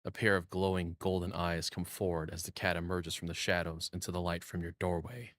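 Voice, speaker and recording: A man's voice: low voice, little pitch movement, fairly quick, a bit bright, no echo, studio quality. A man live-streaming a game, reading its second-person story text aloud and breaking off to swear and joke with his chat. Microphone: condenser mic on a boom arm. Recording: game music playing underneath. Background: game music.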